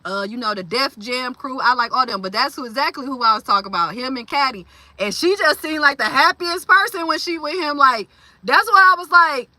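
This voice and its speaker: A woman in her forties chats on her livestream in a loose, slangy way, full of fillers, and reads out viewer comments as she goes. Her voice sits high and sounds bright and sharp. The recording is close and dry. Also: a little fast, no echo. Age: 40s. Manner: chatty, reads and answers viewer comments aloud. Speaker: livestream host. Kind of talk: casual livestream chat.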